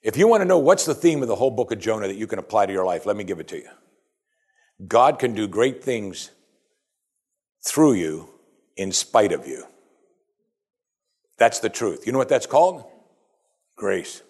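Male pastor, lively sermon delivery, slightly husky. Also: on the low side, normal speed, pauses often. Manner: animated, swinging between loud exclamation and quiet asides.

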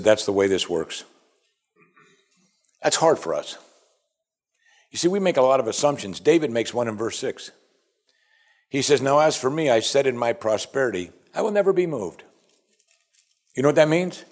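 A man preaching a sermon, reading scripture and acting out quoted voices in a raised, playful tone. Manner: animated, acts out quoted voices in a raised pitch. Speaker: pastor.

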